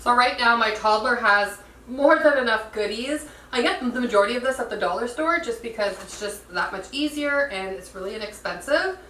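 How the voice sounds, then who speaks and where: A woman's voice: on the high side, a little fast, reverberant, distant mic, over music, rough recording. A woman in her thirties, a homemaking vlogger chatting casually and upbeat at home, full of little fillers. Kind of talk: casual vlog narration.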